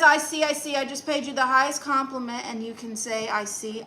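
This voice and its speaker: A woman's voice: a little high, bright, forceful tone, slight background noise, poor audio. A woman streaming live in a comic aunt persona, reading chat messages aloud and firing back sassy, dry comebacks.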